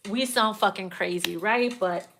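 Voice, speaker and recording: A woman's voice: mid-range voice, measured pace, gravelly, a little hiss or hum. A woman giving a casual tarot reading, swearing freely and laughing often. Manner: profane, laughing, animated. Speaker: tarot reader.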